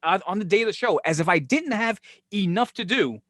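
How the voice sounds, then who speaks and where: This is a man spinning wrestling yarns on a podcast, a touch high in his voice. He swears easily and acts out every quote. The sound is close and dry. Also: fairly quick, no echo. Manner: animated, profane, acts out quoted dialogue. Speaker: podcast host, former wrestling booker. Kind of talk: casual storytelling chat.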